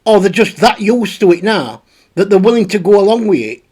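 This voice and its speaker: Man, commentary host, blunt, rambling, fairly high pitch. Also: very animated, fairly quick, a little mellow, slightly rough. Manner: rambling, blunt, with frequent restarts. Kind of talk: casual spoken commentary.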